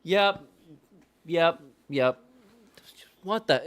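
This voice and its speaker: A man's voice: high voice, expressive, measured pace. A man hosting a live reaction stream, calling plays and cursing in exasperated disbelief at his team. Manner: exasperated, swears constantly, shouts in disbelief; mutters play-by-play updates. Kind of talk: live game reaction commentary.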